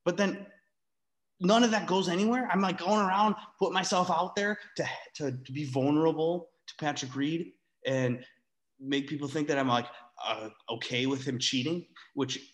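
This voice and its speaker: A man's voice: fairly high pitch, normal speed. Ranting, exasperated man on a podcast. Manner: animated, exasperated ranting with sarcastic asides; swears freely. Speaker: podcast co-host. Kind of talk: casual sports chat.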